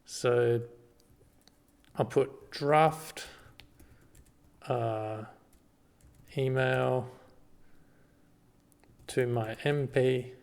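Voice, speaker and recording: Man, screen-recorded tutorial, halting, filler-heavy, mid pitch. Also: smooth. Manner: relaxed, halting, many ums and restarts. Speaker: party volunteer giving a tutorial.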